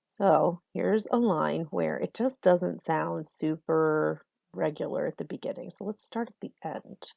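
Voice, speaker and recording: A woman's voice: sits low, a little slow, gravelly, darkish tone, dry recording, dull audio. A woman teacher explaining a lesson patiently to students in a recorded online class, with frequent ums.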